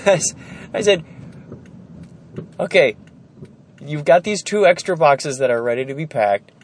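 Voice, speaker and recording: A man's voice: a little high, animated, a little slow. Exasperated man telling a wry story. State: stressed and tired. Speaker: vlogger. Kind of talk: casual storytelling vlog. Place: indoor storage warehouse. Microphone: phone held while walking.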